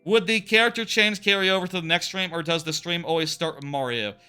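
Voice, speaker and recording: A man's voice: fairly high pitch, fast, pushed and bright, clear, resonant tone, soft background music. A man streaming a video game live, chatting casually and answering his viewers' questions as he plays. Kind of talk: casual live-stream chat while gaming.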